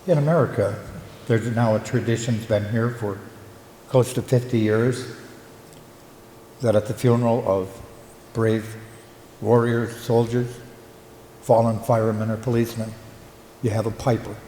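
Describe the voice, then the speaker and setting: An older man, a local historian and retired teacher, gives a reflective conference talk, pausing with fillers as he tells stories. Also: fairly low pitch, steady tone, warm tone. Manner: reflective storyteller, halting with fillers. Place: conference hall. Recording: echoey hall, faint room noise.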